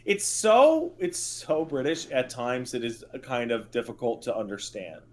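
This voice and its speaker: A man's voice: medium pitch, huge pitch swings, unhurried, slight background noise. A man co-hosting a podcast in casual chat, riffing with profane exasperation. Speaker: podcast co-host.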